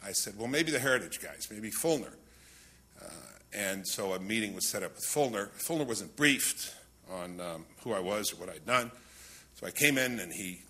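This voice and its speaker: A man's voice: on the low side, pushed and bright, slightly rough. A man in his sixties on a conference panel, telling anecdotes with wry, self-deprecating humor and the odd chuckle. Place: conference roundtable.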